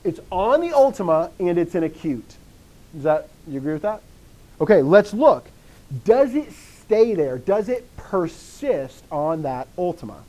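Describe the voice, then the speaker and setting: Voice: mid-range voice, lively intonation, unhurried, dark tone, poor audio. A teacher giving a classroom lecture in a room with students, encouraging the class, often quizzing them and repeating key phrases. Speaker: Greek teacher.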